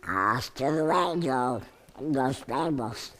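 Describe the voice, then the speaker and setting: A preacher voicing a friendly, chattering talking duck in a quacking duck voice. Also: male voice, medium pitch, expressive, extremely slow, fairly bright tone. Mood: friendly greeting.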